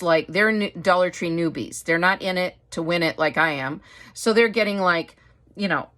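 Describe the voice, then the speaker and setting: A middle-aged woman craft vlogger talks in a loose, rambling way. She laughs often as she chats. Her voice sits a little low for a woman. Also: fairly bright tone. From Wisconsin. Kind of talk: casual chat.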